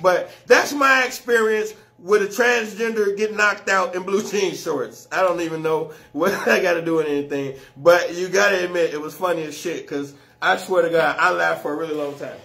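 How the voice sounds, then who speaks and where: A man doing stand-up comedy, telling a story loudly and with lots of slang and swearing, often laughing at his own jokes. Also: high voice, moderate pace, vocal fry, few pauses. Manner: profane and slangy.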